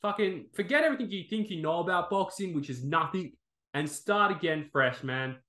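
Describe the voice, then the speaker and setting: A man's voice: sits high, animated, a little fast, bright, forceful tone, reverberant. A man hosting a sports review, ranting in anger and exasperation and swearing, tagging his lines with "okay?" and "man".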